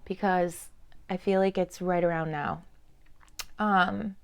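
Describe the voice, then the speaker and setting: A chatty woman in her thirties gives an oracle card reading, wandering from thought to thought with a smooth, clear voice. She talks loosely to the viewer and now and then drops into a soft murmur. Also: fairly low pitch, steady tone, slow pace. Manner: chatty, meandering, with fillers and laughs. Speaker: tarot and oracle card reader. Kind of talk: intuitive card reading to camera.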